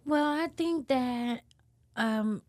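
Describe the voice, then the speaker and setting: A woman speaking as a guest actress in a casual interview, animated, laughing often, her pitch leaping up when she gets excited. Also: drawn-out words, no room sound, clean studio sound.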